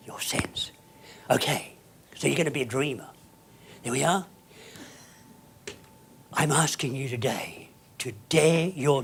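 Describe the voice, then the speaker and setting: A man's voice: medium pitch, a bit bright, slight background noise. A man giving a theatrical motivational keynote, emphatic and dropping at times to a whisper. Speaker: keynote speaker. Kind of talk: motivational speech.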